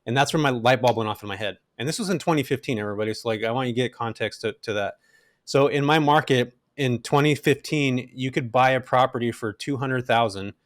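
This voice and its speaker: Fast-talking, animated middle-aged man. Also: mid-range voice, no room sound, studio quality. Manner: animated, casual, many fillers like "man". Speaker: guest, rental investor. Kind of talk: energetic storytelling interview.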